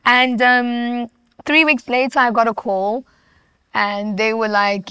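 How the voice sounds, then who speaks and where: Woman, South African accent, interview guest, smooth clear voice, dry sound, relaxed storytelling. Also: a little high, unhurried, no room sound. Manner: relaxed storytelling with light laughs and fillers. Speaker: guest hip-hop artist. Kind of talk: casual interview chat.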